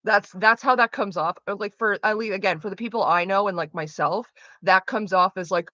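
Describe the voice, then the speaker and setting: A woman's voice: medium pitch, brisk, few pauses, sharp tone, no room sound, lo-fi sound. A woman streamer chatting casually with her viewers, rambling with lots of "like" fillers. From Canada.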